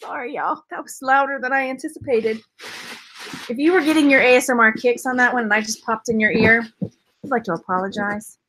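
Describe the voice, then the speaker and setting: A woman's voice: fairly high pitch, fairly quick, noisy background. A woman chatting casually on a live stream, playful and rambling, throwing in silly sound effects. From Texas. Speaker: vlogger unboxing purses.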